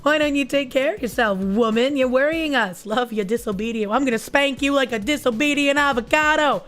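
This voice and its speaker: A woman with a somewhat high voice that has gone hoarse and raspy after being sick, chatting loosely with viewers and swearing freely. Faint music plays beneath her talk. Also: a little fast, a bit bright. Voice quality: raspy, husky. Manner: casual and crude, swears often. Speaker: VTuber streamer. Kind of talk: casual livestream chat reading super chats.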